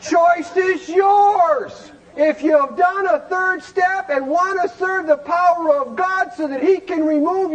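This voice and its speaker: High-pitched man lecturing animatedly. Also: poor audio. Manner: animated, rhetorical questions, bursts of shouting. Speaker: recovery program speaker. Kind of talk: lecture to a group.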